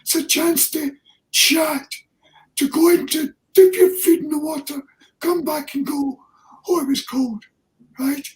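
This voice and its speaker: A man's voice: extremely high pitch, steady tone, a little slow. An older man from Ayrshire with a Scottish accent, giving earnest, plain-spoken interview answers as an honorary professor. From Ayrshire, Scotland. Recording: distant from the mic.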